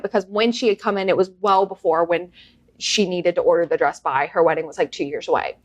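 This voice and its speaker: A woman's voice: on the low side, brisk. A woman co-hosting a podcast, telling funny work stories in casual chat and acting out what people said. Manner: animated storyteller, acts out quotes. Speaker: podcast co-host.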